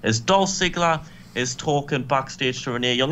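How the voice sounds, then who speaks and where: A young man co-hosting a casual game commentary, briskly recapping match results with dry asides. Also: mid-range voice, fairly bright tone, a little hiss or hum. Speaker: co-host and booker.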